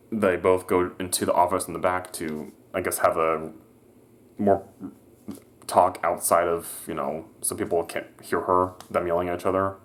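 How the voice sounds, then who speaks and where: A young man casually telling a work story, hesitant, with many restarts and fillers. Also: low voice. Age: young adult. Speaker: vlogger.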